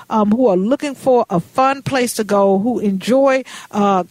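A woman's voice: on the high side, no echo. A woman hosting a radio talk show, chatty and personal, calling her guest honey and baby. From Minnesota. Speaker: radio host.

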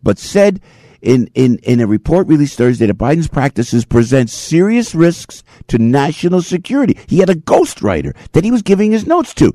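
A male radio talk show host, talking in an excitable, rambling, opinionated way and laughing often. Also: mid-range voice, a little fast, no echo, clean studio sound. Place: radio studio.

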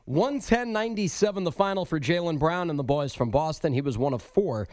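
A man's voice: a little high, animated, fairly quick, a little mellow, no room sound, studio quality. A man on a sports radio show, teasing in banter and reading the sports update in a plain, chatty way. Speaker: sports update anchor and co-host.

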